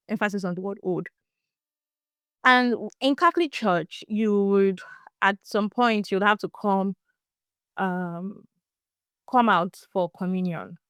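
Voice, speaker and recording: A young woman from Nigeria with a Nigerian accent, hosting a podcast and telling a story in casual, animated chat. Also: mid-range voice, no echo, clean studio sound. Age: young adult. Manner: animated, laughs and restarts often. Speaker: podcast host.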